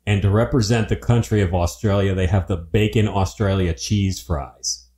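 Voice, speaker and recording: A man's voice: deep voice, steady tone, moderate pace, mellow. A man co-hosting a podcast in a jokey, casual way. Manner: jokey, laughs a lot. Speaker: podcast co-host. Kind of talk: casual chat.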